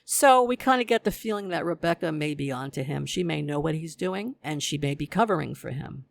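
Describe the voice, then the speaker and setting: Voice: medium pitch, animated, a little fast, creaky. A host giving a casual episode recap, retelling scenes and acting out the characters' lines.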